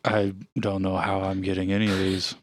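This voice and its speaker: Deadpan guy on a podcast, low and flat, dry mic. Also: normal speed, no echo. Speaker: podcast co-host. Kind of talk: casual chat.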